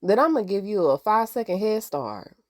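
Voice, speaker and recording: A woman's voice: sing-song, a little fast. A woman doing a cold, menacing young monster man. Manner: low, menacing, half-whispered.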